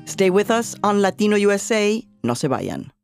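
A woman hosts a radio program, reading scripted links with a lively lilt. Her voice sits in the middle range, and soft plucked guitar plays faintly underneath. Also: medium pitch, normal speed, gravelly. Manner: lively, slips into Spanish phrases. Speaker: radio show host.

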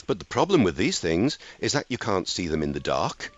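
A man who is an author and linguist, a guest on a radio show, explaining ideas in an expressive lecturing manner. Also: deep voice, fairly quick.

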